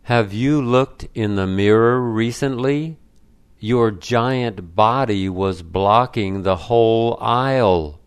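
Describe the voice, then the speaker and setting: A man voicing an irritated young man in a shop queue, slow and sarcastic. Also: on the low side, smooth.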